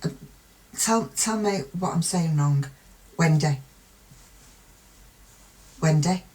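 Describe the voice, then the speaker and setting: Blunt, low-voiced British woman ranting. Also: a little mellow, rough recording. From United Kingdom. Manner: blunt, opinionated, rambling with pauses and fillers. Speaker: true crime commentator. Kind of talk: casual spoken commentary.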